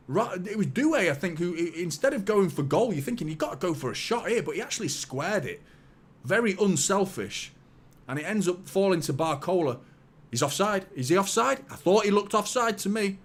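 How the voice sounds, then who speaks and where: Speaking at normal speed in a high-pitched voice, a man hosts a live football watchalong. He reacts to the game excitably, cursing and trading jokes with his chat.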